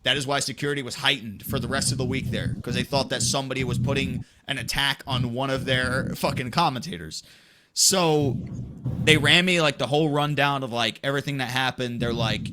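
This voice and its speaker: A man's voice: mid-range voice, a little fast, heavy background noise. A young man, an esports play-by-play commentator, telling a story in casual podcast chat with plenty of swearing. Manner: profane, animated storytelling.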